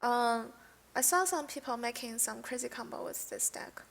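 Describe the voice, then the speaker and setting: A young woman streamer who is not a native English speaker, chatting casually and haltingly while reading game card text aloud on a headset mic. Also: a little high, gravelly, fairly bright tone. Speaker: game streamer reviewing cards. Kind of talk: casual live-stream chat.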